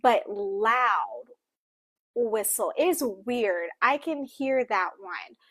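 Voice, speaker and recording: A woman co-hosting a casual book discussion, talking while she signs and voicing for a signing co-host, in a halting, self-correcting way. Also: a little high, expressive, fairly bright tone, no echo.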